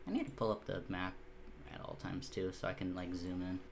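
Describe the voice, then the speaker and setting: A man's voice: sits low, brisk, gravelly, noisy background. A man narrating as game master of a tabletop game, casual and rambling, with fillers and the odd swear.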